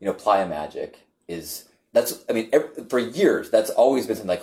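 A man in a casual conversation, telling a long story with many restarts and repeated words that turns animated as it goes. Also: fairly low pitch, moderate pace.

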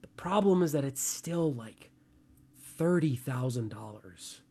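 A man's voice: mid-range voice, expressive, measured pace, warm tone, slightly rough. A young man co-hosting a talk show, chatting casually and animatedly, with plenty of filler words. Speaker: radio show co-host.

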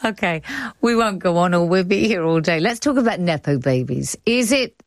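A woman from India hosting a radio arts show, lively and conversational with quick asides. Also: on the low side, no room sound. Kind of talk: radio presenting.

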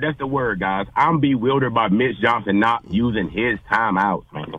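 A man in animated sports-talk mode, theatrical and emphatic, his voice dropping low and then leaping high. The sound is dry and close, with no room around it. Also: moderate pace, few pauses, husky, dry recording, dull audio. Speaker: podcast co-host.

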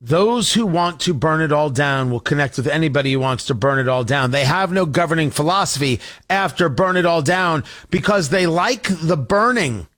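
A man's voice: a little high, expressive, moderate pace, hardly any pauses, fairly bright tone. A man hosting a political talk show, delivering a combative, sarcastic monologue.

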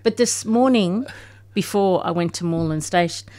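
Australian woman, radio guest, loose rambling chat, lowish pitch. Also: normal speed, darkish tone. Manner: chatty, trailing off mid-sentence.

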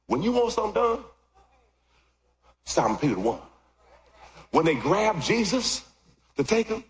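A middle-aged man preaching a sermon, swinging from loud shouts to quiet asides. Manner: animated, jumps from loud shouts to low asides. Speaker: pastor. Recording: echoey hall with long reverb.

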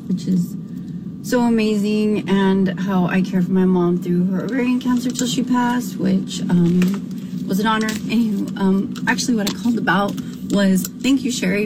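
Chatty woman caller on a noisy phone message. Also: medium pitch. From Arizona, US. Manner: chatty, laughing, emotional storytelling. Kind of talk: recorded voicemail message.

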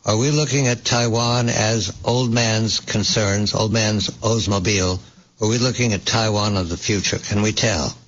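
Low-voiced male host, lo-fi audio. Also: fairly even intonation, a bit bright. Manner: brisk, directive moderator who hands off questions and frames big-picture questions. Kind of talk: talk show moderating. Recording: dull, lo-fi audio.

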